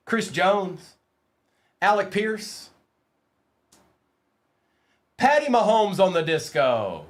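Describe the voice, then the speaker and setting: Hosting a live card-break stream, a man calls out player names as he opens packs and playfully teases his chat. His voice is high with big pitch swings, and he speaks slowly with frequent pauses.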